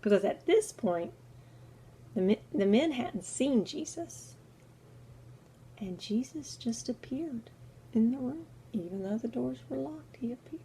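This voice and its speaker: Slow, expressive woman telling a Bible story. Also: a little high, a little hiss or hum. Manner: expressive storytelling, dropping to near whispers. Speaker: children's Bible teacher. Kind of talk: Bible story lesson for children.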